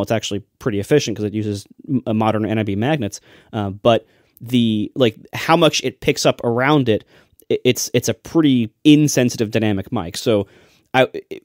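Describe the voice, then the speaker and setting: A man's voice: mid-range voice, no echo, clean studio sound. A man co-hosting a casual tech podcast, explaining at length with lots of fillers. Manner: fast, animated explaining with many fillers. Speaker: podcast co-host and editor.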